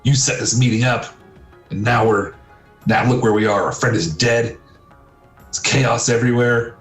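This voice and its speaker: Brief: man voicing a dark elf envoy, indignant and demanding, roomy echo. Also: mid-range voice, moderate pace, distant mic, soft background music, pitched above the performer's own voice, lightly acted.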